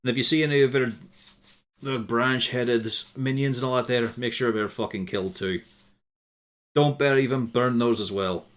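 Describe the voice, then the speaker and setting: A man voicing a gruff, foul-mouthed male woodland caretaker who talks bluntly and sarcastically. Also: mid-range voice, steady tone, moderate pace, a bit bright, lightly acted. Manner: blunt, sarcastic and swearing freely.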